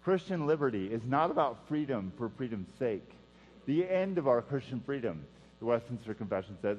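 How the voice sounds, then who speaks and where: A man preaching a sermon in an earnest style, repeating key phrases and dropping to a hush for emphasis. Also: medium pitch, lively intonation, brisk. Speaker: pastor. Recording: dull sound with long hall reverb and mains hum.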